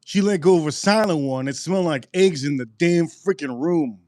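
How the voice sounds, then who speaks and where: A man hosting a live stream and telling a personal story in an animated, profane way, often repeating his lines. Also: a little high, moderate pace, no room sound, studio quality.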